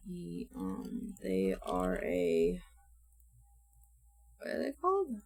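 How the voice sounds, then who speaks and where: A woman's voice: on the low side, wildly swooping pitch, very slow, creaky, long pauses, darkish tone, breathy edge. A woman streamer chatting casually and goofily to her viewers as she works. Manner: goofy, rambling, talks to herself. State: hiccuping. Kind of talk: casual chat while working.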